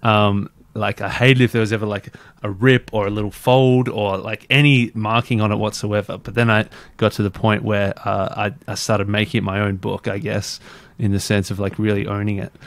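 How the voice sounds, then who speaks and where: Low-voiced man chatting casually. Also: little pitch movement, moderate pace, no room sound. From Australia. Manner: rambling, many fillers and restarts. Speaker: podcast guest. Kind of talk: casual interview chat.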